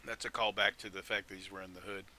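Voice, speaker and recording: An easygoing man runs a tabletop game with a bright, forward voice. He calls turns, counts damage aloud and laughs often. His tone is relaxed and chatty. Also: deep voice, fast, a little hiss or hum. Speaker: game master. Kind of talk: running a tabletop game, casual chat.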